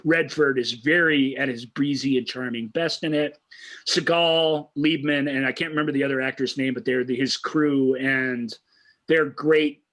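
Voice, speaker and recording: A man co-hosting a film chat show, speaking with a bright, forceful tone. He talks eagerly and loosely, circling back and restarting his sentences as he goes. His pitch sits in the middle range for a man. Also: steady tone, moderate pace. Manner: enthusiastic, restarts sentences often. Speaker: co-host of a movie review show. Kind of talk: casual film discussion.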